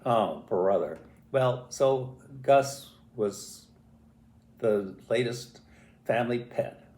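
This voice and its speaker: Older man telling a lively family story. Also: mid-range voice, very slow. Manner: animated, acts out voices and sounds. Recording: roomy echo.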